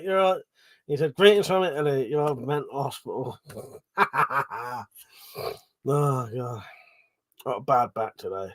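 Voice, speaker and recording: Bloke on a livestream reading chat, sweary, chuckly, voice a bit on the high side. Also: male voice. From Britain. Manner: swears a lot, laughs, mumbles asides, self-deprecating. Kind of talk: casual live chat.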